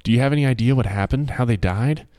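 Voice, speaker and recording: A male narrator voicing a caring, anxious young woman teacher who asks gentle, earnest questions. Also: mid-range voice, fast talker, no echo, studio quality, pitched above the performer's own voice, lightly acted. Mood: concerned.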